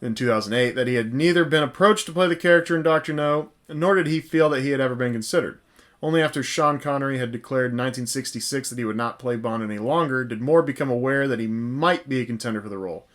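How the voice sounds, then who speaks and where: A man's voice: mid-range voice, quick pace, a bit bright. A man co-hosting a casual movie podcast, reading notes aloud and laughing often. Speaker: podcast co-host. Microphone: podcast mic.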